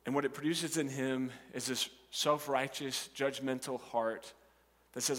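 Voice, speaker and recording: A man preaching a sermon, animated and acting out the voices of the characters and the crowd. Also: mid-range voice, unhurried, in a large hall. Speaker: pastor.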